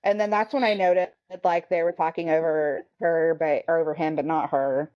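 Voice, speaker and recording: A woman's voice: low-pitched, fairly even intonation, fairly quick, darkish tone. Woman co-host, casual chat. Blunt, profane, mimics others. Lo-fi recording. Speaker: podcast co-host.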